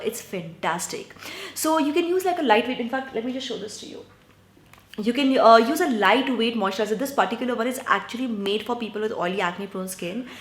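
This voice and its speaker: A chatty woman from India talks through skincare tips in a relaxed vlog, often tossing in quick check-ins with her viewers. Her voice sits at a middle pitch. The room around her is noticeably echoey. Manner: chatty, frequent "right?" and "guys". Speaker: beauty vlogger. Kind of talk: casual skincare advice vlog.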